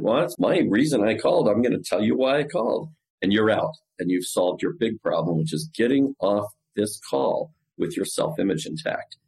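A man's voice: fairly low pitch, vocal fry, darkish tone, low-quality recording. A man, a company CEO, talking as a guest in a podcast interview and acting out cold-call lines in different voices. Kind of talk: podcast interview explaining sales technique.

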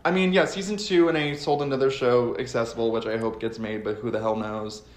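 A man in his thirties chatting as a podcast guest, animated and full of swearing, jumping into high loud voices when he mocks what people say. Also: a little fast. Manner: animated, swears often, goes high and loud for mocking quotes. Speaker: guest, writer and actor. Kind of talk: casual podcast chat. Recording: echoey room.

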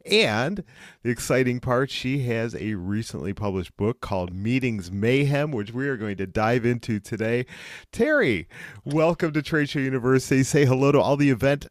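A man's voice: medium pitch, normal speed, dry recording, clean studio sound. A man hosting a podcast interview, upbeat and enthusiastic. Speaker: podcast host.

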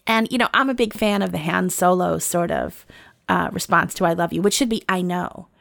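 A woman's voice: on the low side, a little fast, creaky, no room sound, clean studio sound. A woman in her forties telling a personal story in casual conversation, acting out the dialogue and laughing often. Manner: lively storyteller who acts out quoted dialogue and laughs often.

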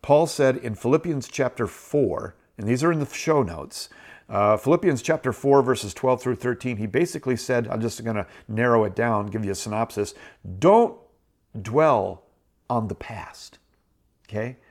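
A middle-aged man hosts a show and talks through a Bible story. His voice sits at an ordinary pitch, and his delivery is earnest and encouraging. He often doubles back to repeat words for emphasis. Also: normal speed, darkish tone. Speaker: host. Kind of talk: Bible teaching talk.

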